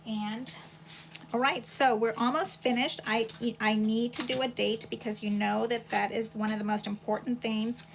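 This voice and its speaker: Speaking at a moderate pace with a higher, creaky voice, a woman hosts a paper crafting video at home. Her talk is chatty and meandering, and she thinks out loud while working. The recording is low quality, with continuous background noise.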